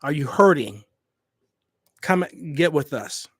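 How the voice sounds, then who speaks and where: On a livestream for his hospitality YouTube channel, a man talks casually and directly to viewers, speaking emphatically and repeating phrases for weight. His voice is on the high side, expressive and slow, captured on a USB desk microphone with studio quality and no room sound.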